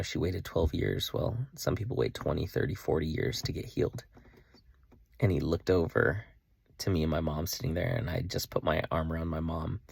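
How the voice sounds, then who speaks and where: A young man vlogs casually about his personal faith, earnest and emotional, filling his speech with "like" and restarting his sentences. His bass voice has vocal fry and a breathy edge, recorded in studio quality with no room sound.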